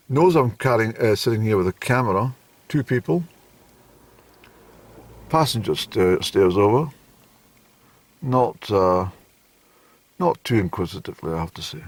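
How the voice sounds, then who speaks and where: An older man with a Scottish accent telling a slow, hesitant, deadpan anecdote in a relaxed vlog. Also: fairly low pitch. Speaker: vlogger.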